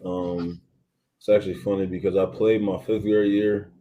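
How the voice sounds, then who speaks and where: A young man in his twenties, a college football player, giving relaxed interview answers full of ums and you-knows. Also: sits low, normal speed, highs cut off. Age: 20s. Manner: laid-back, many ums and you-knows. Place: athletes' training facility.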